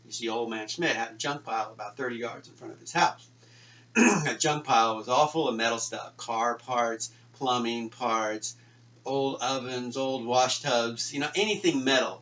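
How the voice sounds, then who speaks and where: A man's voice: mid-range voice, normal speed, fairly bright tone. A middle-aged man telling a personal story to a live audience, chatty and full of fillers, acting out each line of dialogue. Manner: conversational, lots of fillers, acts out the dialogue. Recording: dull sound from a mic at a distance.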